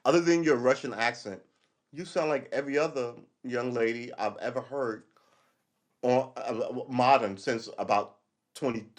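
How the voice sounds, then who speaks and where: Male livestream host, mid-pitched, loose sarcastic rant with cursing, casual monologue. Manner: rambling, profane, sarcastic.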